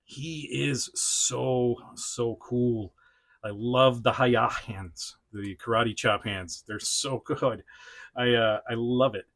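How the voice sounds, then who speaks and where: A man's voice: mid-range voice, fairly even intonation, takes it slowly, fairly bright tone. A man hosting a casual toy review vlog, rambling with lots of laughs and fillers, chatting to the action figure he is showing off. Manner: frequent fillers and self-restarts. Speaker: toy reviewer, channel host. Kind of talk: casual unscripted vlog chat.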